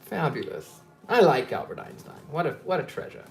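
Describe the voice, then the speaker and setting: A man's voice: on the high side, wildly swooping pitch, normal speed, gravelly, soft background music. Psychic host, male, rambling casual storyteller, echoey room. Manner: chatty, digressive, with many fillers and restarts. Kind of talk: casual live-stream storytelling. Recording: roomy echo.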